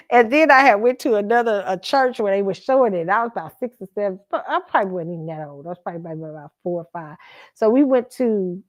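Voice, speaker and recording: A woman's voice: medium pitch, animated, brisk, no echo. Chatty woman host, dry sound. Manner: rambling, self-correcting, chatty. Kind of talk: casual commentary and storytelling.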